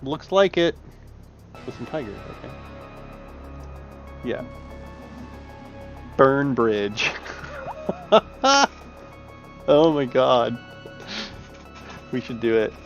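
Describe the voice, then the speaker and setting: Man, casual chat, unhurried delivery, swears freely, muffled sound, faint music underneath. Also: medium pitch, big pitch swings. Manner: loose, profane, thinking aloud with fillers. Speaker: map-building streamer. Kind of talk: casual chat while working.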